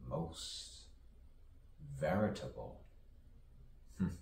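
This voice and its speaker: A man with a very deep, gravelly voice performs a spoken-word soliloquy at a very slow, drawn-out pace. He swings between hushed whispers and sudden dramatic outbursts. He sounds distant from the mic, in an echoey room. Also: slight background noise. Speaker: poet and actor.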